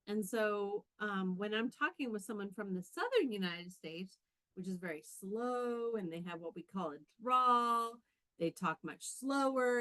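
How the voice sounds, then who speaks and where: A middle-aged woman from Canada, a communication professor, giving a fast, explanatory conference lecture. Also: mid-range voice, fairly bright tone, no room sound, rough recording.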